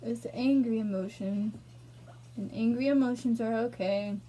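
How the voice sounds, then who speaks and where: A woman's voice: fairly high pitch, moderate pace, mellow, a little hiss or hum. A young woman ranting angrily in a personal vlog, emotional and swearing. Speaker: vlogger.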